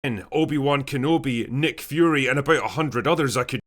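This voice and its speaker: A man's voice: medium pitch, brisk, fairly bright tone. A man delivering scripted commentary narration in a blunt, sardonic, profane manner. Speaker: video essayist.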